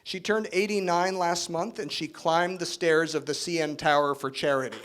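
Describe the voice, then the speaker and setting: A middle-aged man gives a keynote speech at an awards event. His voice sits a little on the high side, and he talks in a relaxed, conversational way. He fills pauses with um and often adds right, with the odd joking aside. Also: a little hiss or hum. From Spain, raised in Canada. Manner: frequent fillers and tag questions. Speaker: keynote speaker.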